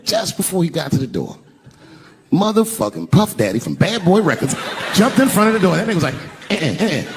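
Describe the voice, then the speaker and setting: An older man doing a stand-up routine on a large arena stage into a handheld mic, telling a profane story in an animated way. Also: high-pitched, a little fast, creaky, over music. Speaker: stand-up comedian. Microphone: handheld stage microphone. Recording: live recording with background noise.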